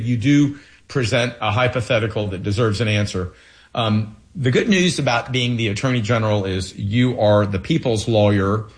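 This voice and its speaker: A man running for office, answering interview questions in an earnest, halting way with frequent fillers. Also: medium pitch. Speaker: political candidate.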